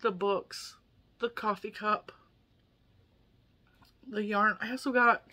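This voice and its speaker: Speaking slowly in a steady, medium-pitched voice that sounds pushed and bright, an American woman in her forties unboxes yarn gifts for her viewers. As a crochet YouTuber she chats casually and emotionally, laughing a lot.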